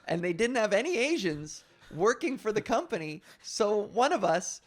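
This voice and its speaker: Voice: medium pitch, very animated. A young adult podcast host and comedian telling a story in casual chat, swearing freely and rambling. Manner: profane, rambling, drops into quick put-on voices.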